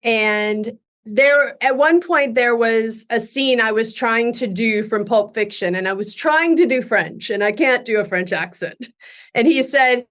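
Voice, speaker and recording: A middle-aged woman, a guest on a podcast, telling stories from her acting career in an animated way, laughing often and restarting her sentences. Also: fairly high pitch, measured pace. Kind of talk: casual interview storytelling.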